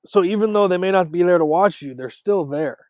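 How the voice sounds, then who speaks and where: A man talking as a podcast guest in casual chat, animated, with quick runs of words and restarts. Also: high-pitched, no echo. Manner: animated, talks in quick runs with repeated starts. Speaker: podcast guest, former college ballplayer.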